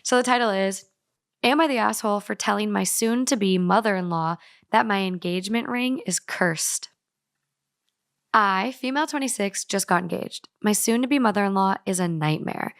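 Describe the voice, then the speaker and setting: A woman co-hosting a casual podcast, reading a story aloud in a brisk, playful way. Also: medium pitch, no room sound, studio quality. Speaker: podcast co-host.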